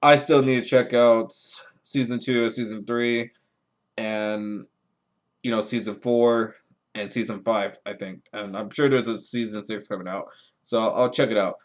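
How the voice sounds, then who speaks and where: A young man hosting a podcast, rambling casually and swearing a lot, with his voice jumping up when he gets excited. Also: moderate pace. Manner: rambling, profane, excitable, pitch jumps when worked up. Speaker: podcast host. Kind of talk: casual solo chat about anime.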